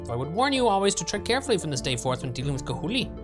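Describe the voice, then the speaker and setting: A man's voice: a little high, sing-song, rapid-fire, over music, pitched above the performer's own voice. A man reading as a grim temple lector. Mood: grave. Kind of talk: reading game dialogue aloud.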